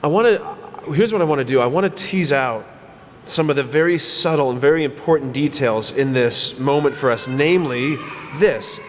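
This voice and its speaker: Animated priest preaching in a reverberant church. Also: male voice, mid-range voice, moderate pace, slight background noise. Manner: animated storytelling, acting out quoted voices. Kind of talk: sermon.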